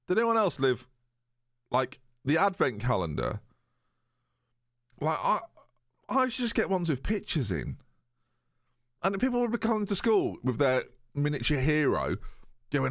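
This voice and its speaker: A man's voice: fairly high pitch, very animated, normal speed, long pauses, no room sound, studio quality. A young man casually chatting with his live-stream viewers, joking and reading their messages aloud. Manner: chatty, jokey, reads chat aloud.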